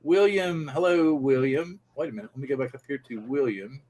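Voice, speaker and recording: A man's voice: mid-range voice, brisk, a little mellow, slight background noise. A man hosting a casual live stream, rambling loosely and greeting viewers by name. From Pacific Northwest. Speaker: livestream host.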